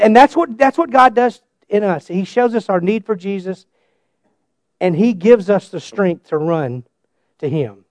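High-voiced man preaching a sermon. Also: dry recording. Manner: animated storytelling, swings between loud and hushed. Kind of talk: sermon with personal testimony.

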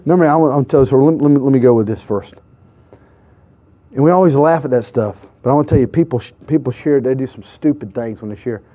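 A male pastor preaching a sermon through personal stories, swinging between loud exclamations and hushed asides. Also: mid-range voice, fast talker, muffled recording. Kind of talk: sermon with storytelling.

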